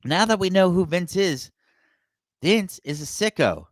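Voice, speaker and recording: A man hosts his wrestling podcast with casual, animated commentary, often asking "right?" and laughing along. His voice sits a bit high for a man. The recording is close and dry. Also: measured pace, no room sound. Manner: animated, laughing, repeats "you know" and "right?". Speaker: podcast host, channel owner.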